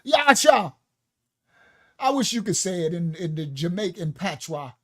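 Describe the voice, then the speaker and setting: Slow, emphatic livestream preacher man. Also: sits high, big pitch swings, fairly bright tone. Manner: emphatic, preachy, reading from books with laughing asides. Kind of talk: livestream teaching.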